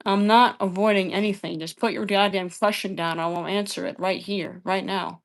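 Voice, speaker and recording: A woman's voice: medium pitch, fairly even intonation, normal speed. A woman arguing with a live chat, combative and exasperated, swearing often and repeating her phrases. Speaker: livestream debater. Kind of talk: heated livestream argument with chat.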